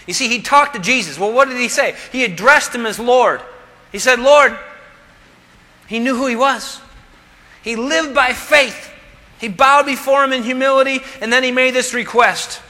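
A man's voice: very high-pitched, moderate pace, sharp tone. A man preaching a sermon as pastor, asking rhetorical questions and dropping humorous asides. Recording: long hall reverb.

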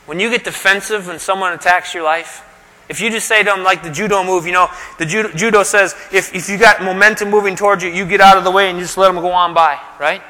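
Pastor, man, middle-aged, bright and high voice, emphatic sermon delivery, reverberant hall. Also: fairly even intonation, quick pace. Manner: conversational, emphatic preaching with rhetorical questions.

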